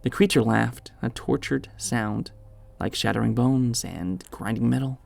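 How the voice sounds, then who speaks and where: A man reading a horror story aloud in measured, dramatic scripted narration. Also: medium pitch, vocal fry, darkish tone.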